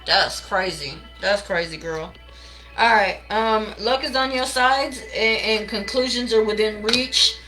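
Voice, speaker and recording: A woman's voice: medium pitch, measured pace, pushed and bright, soft background music, rough recording. A woman reading tarot on a late-night live stream from her home, blunt, ranting and swearing, calling her viewers baby and y'all. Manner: blunt and heavily profane, ranting; calls viewers baby and y'all, greets chat by name.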